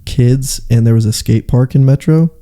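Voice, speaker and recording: A young man co-hosting a podcast, chatting casually and joking, with quick asides and a bit of swearing. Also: mid-range voice, dark tone. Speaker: podcast co-host. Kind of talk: casual chat.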